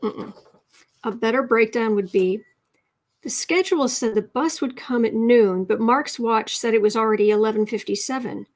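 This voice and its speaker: A woman's voice: a little high, moderate pace. Chatty woman hosting a writing livestream. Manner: chatty, reads chat messages aloud, thinks out loud. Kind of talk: casual livestream writing lesson.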